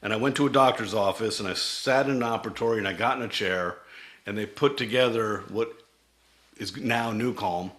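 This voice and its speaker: A man's voice: lowish voice, brisk, fairly bright tone. A middle-aged man, a company CEO, telling his founding story in a vivid presentation that acts out quoted dialogue.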